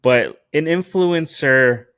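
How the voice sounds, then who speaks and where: A young man hosting a solo podcast, telling a story in a profane, animated way with a lot of swearing. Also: a little high, slow pace, smooth, dry recording, clean studio sound. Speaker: podcast host.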